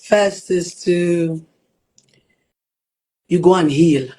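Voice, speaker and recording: A Nigerian woman speaking as a relationship therapist in an interview, earnest and often quoting soft lines from her partner. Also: on the low side, extremely slow, breathy edge. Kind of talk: interview conversation.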